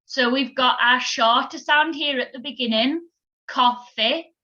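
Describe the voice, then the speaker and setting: Slow, bright-voiced teacher. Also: female voice, high-pitched. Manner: patient, encouraging, counts pupils in. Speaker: primary school music teacher. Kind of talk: recorded video lesson for children. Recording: slightly dull lo-fi recording.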